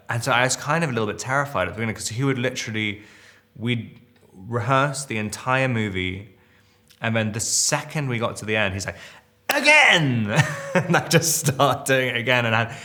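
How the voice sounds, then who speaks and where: A man's voice: mid-range voice, a bit bright. A man in his thirties telling stories about his work in a casual interview, rambling with restarts, fillers and chuckles. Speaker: actor interviewee.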